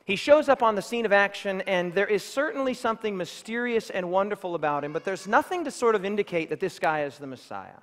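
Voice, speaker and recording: A man preaching a sermon in a church, emphatic and building to loud declarations. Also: high-pitched, expressive, brisk, few pauses, in a large hall. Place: church sanctuary.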